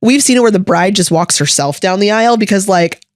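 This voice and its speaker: A woman co-hosting a podcast as a wedding videographer, telling stories in an animated, casual way. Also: fairly quick, no echo, studio quality. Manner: animated storyteller, jumps up high when excited. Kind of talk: casual chat.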